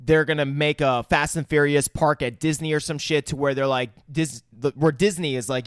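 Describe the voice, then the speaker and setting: A man's voice: fairly high pitch, fairly even intonation, normal speed, hardly any pauses, no echo, studio quality. A man co-hosting a podcast, chatting casually about a movie with loose, profane, laughing banter. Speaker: podcast co-host. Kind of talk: casual movie review chat.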